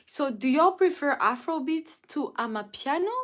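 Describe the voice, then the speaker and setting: A young woman live-streaming, chatting casually with her viewers and greeting them by name in a drawn-out way. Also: sits high, expressive, a bit bright. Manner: drawn-out, greets and reads out chat names.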